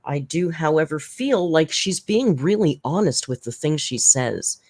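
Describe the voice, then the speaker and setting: A channel host giving casual spoken commentary, blunt and rambling, with frequent restarts, side remarks and sarcastic jumps in pitch for emphasis. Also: animated, measured pace, a little mellow.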